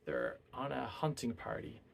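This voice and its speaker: A man's voice: mid-range voice, very animated, moderate pace, gravelly, a little hiss or hum. A man casually retelling a novel's plot as a book reviewer, rambling and full of hesitant fillers.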